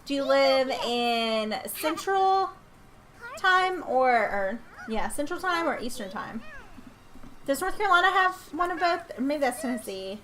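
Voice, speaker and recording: A woman's voice: high-pitched, expressive, unhurried, fairly bright tone, a little hiss or hum. Giggly North Georgia woman streamer. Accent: Southern US, North Georgia. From North Georgia, USA. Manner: giggly, chatty, jokey. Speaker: live streamer. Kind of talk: casual live-stream chat while playing.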